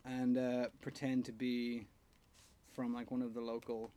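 A man's voice: mid-range voice, completely flat delivery, a little slow, mellow. A man co-hosting a casual podcast over beers, swearing and joking, and laughing often. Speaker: podcast co-host.

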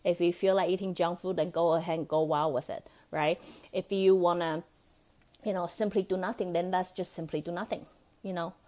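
A woman's voice: fairly low pitch, fairly even intonation, a little fast, dark tone. A woman hosting a solo self-help podcast, talking in a chatty, coaxing way and often checking in with "right?". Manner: laughs between thoughts. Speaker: podcast host.

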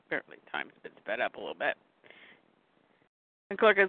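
A woman's voice: fairly low pitch, wildly swooping pitch, fairly quick, long pauses, no room sound. A woman co-hosting a casual podcast, recapping a comic book and reading its dialogue aloud with light character voices. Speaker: podcast co-host. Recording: tinny phone-like line, dry.

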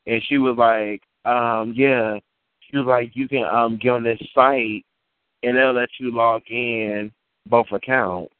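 Speaking slowly with a steady, clear, resonant mid-range voice, a man calls in to a community call for some casual storytelling. He wanders off track, swears, and says things more than once. The sound is dry and phone-like, tinny with no room echo.

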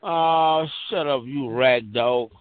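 A man's voice: mid-range voice, slow, no room sound. Mocking man over a phone line. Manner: mocking, trash-talking. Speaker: chat line caller. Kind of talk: heated phone argument.

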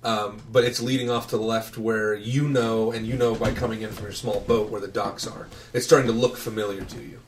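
A man's voice: on the low side, level tone, a little fast, hardly any pauses, slight background noise. A man narrating as game master of a tabletop game, in a loose, casual way with some swearing.

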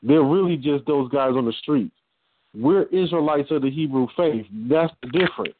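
A man's voice: on the high side, moderate pace, no echo. Emphatic middle-aged man on a tinny line. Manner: emphatic, lecturing. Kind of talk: casual talk show discussion. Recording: tinny phone-like line, dry.

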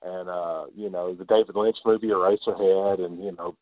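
A man's voice: sits low, fairly even intonation, normal speed, no echo. A man co-hosting a podcast, chatting casually and profanely about horror films and laughing readily. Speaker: podcast co-host. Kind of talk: casual movie discussion. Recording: tinny phone-like sound, dry.

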